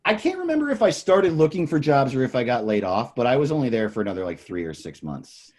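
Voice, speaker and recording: A young man tells a long, rambling story, full of swearing, and he acts out every person in it. His pitch leaps up and down, from low mutters to high yelps. It sounds like casual podcast talk. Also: quick pace. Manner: animated storyteller, acts out quoted people, swears a lot. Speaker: comedian guest.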